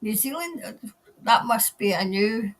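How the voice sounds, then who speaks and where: A Scottish woman chats her way through a livestream, reading out viewer comments and greeting people by name. Her voice sits a little high and stays easygoing and unscripted. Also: lively intonation, measured pace. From Scotland. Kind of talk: casual livestream chat. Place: New Zealand.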